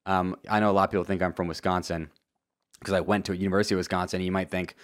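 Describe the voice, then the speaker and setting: A young man from Florida giving a casual, joking race recap with lively asides and sudden loud outbursts. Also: sits low, rapid-fire. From Florida, USA. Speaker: motorsport commentator. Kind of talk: casual video commentary.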